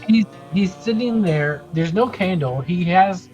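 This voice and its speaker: A man's voice: high voice, animated, a little slow, a little mellow. A man running a tabletop game, narrating casually in a rambling way, with swearing. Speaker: game master. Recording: muffled with background music.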